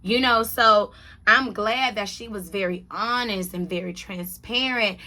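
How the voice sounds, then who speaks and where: A woman's voice: medium pitch, unhurried, pushed and bright. A woman hosting a casual reality TV recap, blunt and sassy, repeating lines for emphasis. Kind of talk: casual opinionated chat.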